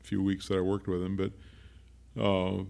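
A man's voice: deep voice, monotone, takes it slowly, creaky, darkish tone. A man preaching a conversational sermon as a pastor, explaining word meanings with friendly asides.

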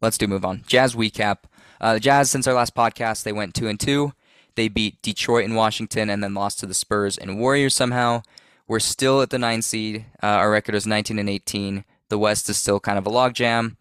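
A man's voice: on the low side, fairly even intonation, fairly quick, a bit bright, clean tone, no echo. A man co-hosting a podcast in casual chat, joking and sarcastic as he leads the segments. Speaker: podcast co-host.

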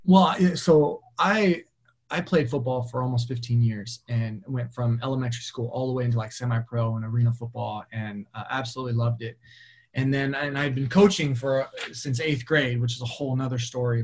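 A football coach in his thirties tells stories with energy. His voice has a slightly husky grain, and he often slips into quick impressions of the people in his anecdotes. He laughs easily and sounds open and animated. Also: medium pitch. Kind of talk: storytelling in a podcast interview.

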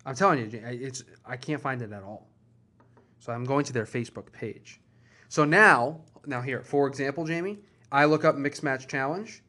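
A man's voice: medium pitch, normal speed, bright, forceful tone. A man hosting a casual chat show, rambling and circling back on his points. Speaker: podcast host.

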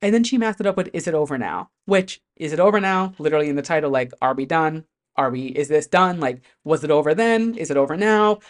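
Chatty, animated pop-music vlogger. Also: mid-range voice, quick pace, few pauses. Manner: chatty, animated, heavy on fillers and swearing. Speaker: pop music commentator host. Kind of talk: casual chat to camera.

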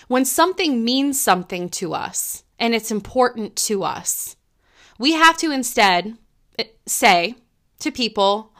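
A middle-aged woman hosting a podcast, talking gently and earnestly in a reflective monologue, thinking aloud with frequent restarts. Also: on the high side, lively intonation, unhurried. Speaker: podcast host.

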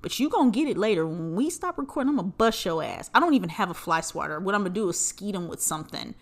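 A woman's voice: medium pitch, animated, fast. A young woman hosting her own podcast, talking casually and candidly with lots of profanity and joking asides. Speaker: podcast host. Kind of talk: casual solo podcast monologue.

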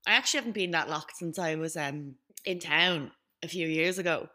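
A young Irish woman co-hosting a podcast, telling a self-mocking story in a lively, casual way. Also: low-pitched, fairly quick. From Ireland. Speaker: podcast co-host. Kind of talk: casual chat.

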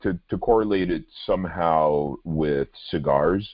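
Very deep-voiced man rambling. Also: dry recording, muffled recording. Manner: rambling, halting, many restarts. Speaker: podcast co-host and wine reviewer. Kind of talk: casual chat.

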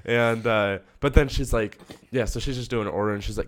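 A man's voice: on the low side, fairly quick, hardly any pauses. Young man chatting and laughing on a podcast. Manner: chatty, laughs while telling stories, acts out quoted voices. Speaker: podcast co-host. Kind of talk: casual chat, storytelling. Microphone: earbuds.

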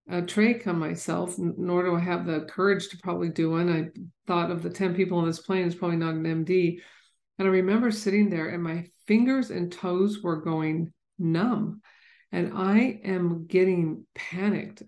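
Telling a personal story, a woman with a lowish, slightly mellow voice comes across as earnest and candid, often restarting her sentences. The recording is reverberant.

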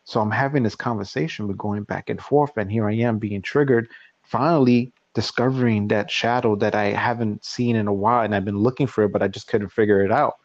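A man's voice: fairly low pitch, steady tone, fairly quick, no echo. A man in his forties hosting a podcast, telling a personal story in casual chat and acting out both sides of a quarrel. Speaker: podcast host. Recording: dull, dry lo-fi recording.

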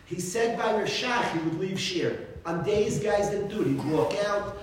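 A man, a rabbi, giving an informal religious talk full of animated stories and frequent chuckles. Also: high-pitched, normal speed. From United States. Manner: animated storytelling, chuckles often. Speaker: rabbi teaching a class. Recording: very echoey room, distant mic, faint noise.

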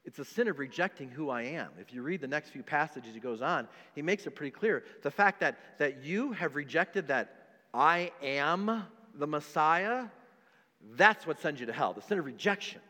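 A man's voice: on the high side, lively intonation, normal speed. Emphatic male pastor preaching in a reverberant hall. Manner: emphatic preaching, repeats words, swings loud and soft. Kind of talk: sermon. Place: church sanctuary.

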